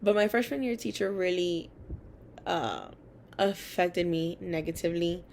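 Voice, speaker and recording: Gravelly-voiced young woman telling stories. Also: lowish voice, unhurried, slight background noise. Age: young adult. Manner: chatty, many fillers, animated quoting of others. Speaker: college student. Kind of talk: casual personal storytelling.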